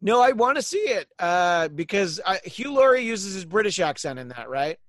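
A man's voice: sits high, sing-song, normal speed, a bit bright, no echo, clean studio sound. A man hosting a casual chat, rambling with lots of ums and restarts. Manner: rambling, hesitant with many fillers. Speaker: host.

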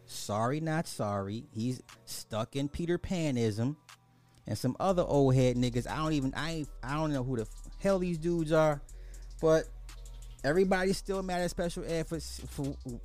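A man's voice: fairly high pitch, normal speed, darkish tone, soft background music. A man hosting a podcast, giving blunt, exasperated casual commentary, often restarting his sentences. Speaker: podcast host.

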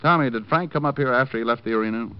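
An actor playing a wisecracking private detective who narrates and trades dry, sarcastic quips, in 1950s radio drama style. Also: male voice, medium pitch, very fast, smooth, natural voice. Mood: wry. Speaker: narrator and lead. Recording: dull lo-fi old radio recording with music behind.

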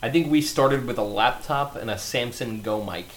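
A man's voice: medium pitch, moderate pace. A man co-hosting a casual podcast, reading out listener questions in a laid-back way and swearing casually.

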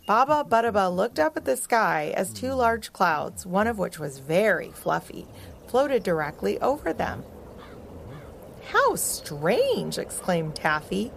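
A woman co-hosting a podcast, narrating a children's story in a slow, expressive and playful way. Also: mid-range voice, gravelly, a little hiss or hum. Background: music.

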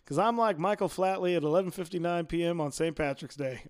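A man's voice: on the high side, brisk, no room sound, clean studio sound. A man co-hosting a podcast, chatting casually and quoting favorite TV lines with relish and frequent laughter. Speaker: podcast co-host. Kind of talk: casual chat about a TV episode.

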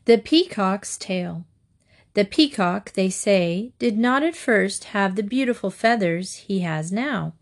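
Woman, storyteller, reading fables aloud, slow pace, middle pitch, measured. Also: expressive.

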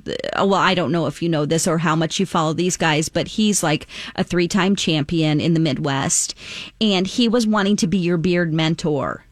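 A woman radio host running a prank phone call with an earnest pitch, stifling laughs. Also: dry recording, studio quality. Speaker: radio morning show host.

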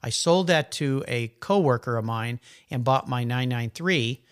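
A middle-aged man, a guest, chatting casually and telling animated, rambling anecdotes. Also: medium pitch, measured pace, clear, resonant tone. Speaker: guest, car enthusiast. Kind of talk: casual conversational storytelling.

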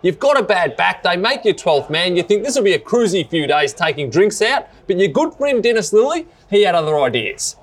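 A man's voice: high voice, big pitch swings, a little fast, few pauses. A man interviewing a guest, prompting him with teasing questions. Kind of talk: conversational interview.

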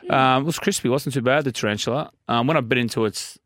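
A man's voice: mid-range voice, quick pace, fairly bright tone, no room sound, clean studio sound. A young Australian man chatting casually, rambling and joking with lots of fillers. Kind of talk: casual chat.

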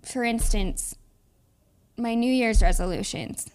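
Smooth and darkish in tone, this podcast co-host's voice is a little high, and she speaks at a slow pace. She's earnest and reflective, sharing heartfelt thoughts in a casual chat.

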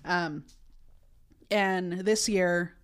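A woman with a slightly low voice chats casually on a podcast. She rambles, backtracks and fills her pauses with ums as she works out her thoughts. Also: fairly even intonation, clean tone. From United States. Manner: rambling, self-interrupting, many fillers. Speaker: podcast co-host. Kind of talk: casual conversation.

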